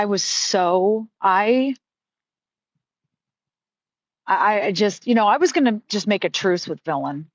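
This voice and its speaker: A woman's voice: lowish voice, no room sound, highs cut off. A middle-aged woman hosting a live stream, talking candidly in a rambling way, with frequent swearing and restarts. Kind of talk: casual live-stream chat.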